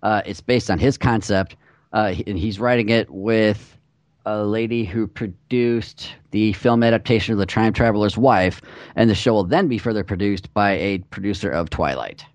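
A man's voice: on the low side, moderate pace, no room sound. A man co-hosting a podcast in casual chat, sardonic and swearing freely. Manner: sardonic, profane. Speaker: podcast co-host.

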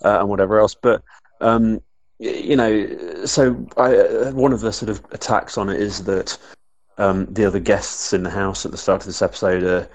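A man's voice: fairly low pitch, steady tone, moderate pace, dry recording. A man from northern England co-hosting a casual discussion, rambling with many restarts and fillers. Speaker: podcast co-host.

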